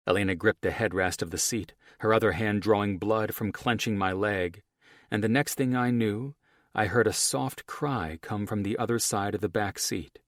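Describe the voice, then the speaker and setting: A male audiobook narrator reading in first person with a wry, profane, lively storytelling manner. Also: lowish voice, normal speed, no room sound, studio quality.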